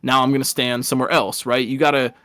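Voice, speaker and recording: A man's voice: medium pitch, flat delivery, quick pace, sharp tone, no room sound, studio quality. A man casually commentating a live video game race, rambling and chatty, laughing at his own stories.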